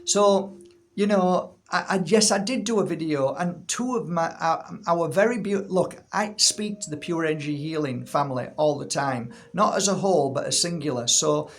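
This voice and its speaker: A middle-aged man with a gravelly, slightly high voice, talking to his viewers from home in an animated way and repeating himself as he rants. Faint background noise sits under the recording. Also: normal speed. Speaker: healer and channel host. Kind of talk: casual monologue to viewers. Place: room at home.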